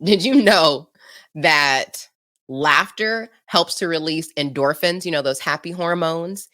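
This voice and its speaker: Lady podcaster, low voice, bubbly and giggly, just chatting away. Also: slow pace, bright, forceful tone. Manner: bubbly, laughs often, storytelling. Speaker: podcast host. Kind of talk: casual solo podcast chat.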